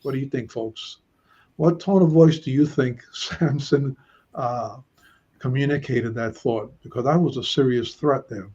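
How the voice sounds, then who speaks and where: A man's voice: medium pitch, unhurried, mellow, breathy edge, highs cut off. A man hosting a Bible study discussion, chatty, reading verses aloud and putting questions to his listeners.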